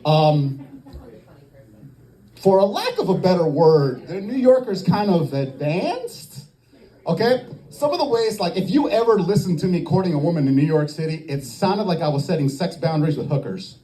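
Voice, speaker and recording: Southern male stand-up comic, open-mic set, mellow tone, animated delivery with acted-out voices. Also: high-pitched, normal speed, low-quality recording. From American South. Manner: animated, acts out quoted voices, laughs at own jokes. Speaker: stand-up comedian. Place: comedy club open mic.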